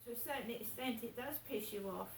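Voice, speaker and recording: A woman vlogger talks casually to her viewers in a rambling, indignant monologue to camera, repeating herself. Her voice is on the high side and a little fast. The mic is distant, and the room is echoey with a faint hiss.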